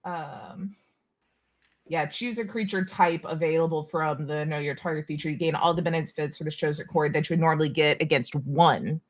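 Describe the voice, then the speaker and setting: A woman's voice: deep voice, normal speed. A woman playing a tabletop game on a livestream, talking in a hesitant, giggly way full of fillers. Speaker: player.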